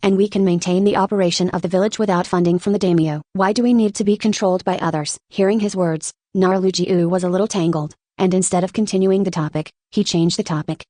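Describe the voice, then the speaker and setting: A woman's synthetic voice reading an audiobook in a flat, even manner, recorded dry and close. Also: fairly low pitch, fast, few pauses, dry recording. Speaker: narrator. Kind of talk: machine-read audiobook narration.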